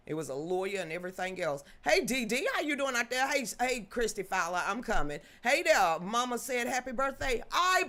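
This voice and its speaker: Chatty emphatic woman hosting a live stream. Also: on the low side. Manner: chatty and emphatic, talks straight to the chat. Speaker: live-stream show host. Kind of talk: casual live-stream chat, greeting viewers and reading an article aloud.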